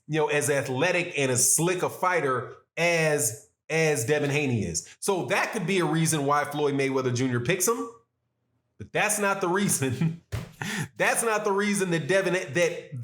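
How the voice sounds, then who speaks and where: A man with a fairly high voice delivers solo boxing commentary in a loose, conversational way. He circles back on his phrases and tosses in "right?" as he goes. The room around him rings with a noticeable echo. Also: a bit bright. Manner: conversational, repeats and restarts phrases, frequent "right?". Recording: roomy echo.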